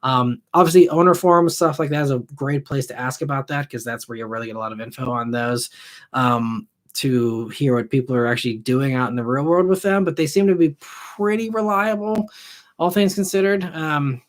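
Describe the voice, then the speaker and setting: A young adult man hosting a live car chat, reading and answering viewer questions in a relaxed, rambling way full of ums and restarts. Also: mid-range voice, moderate pace. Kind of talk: casual live-stream chat.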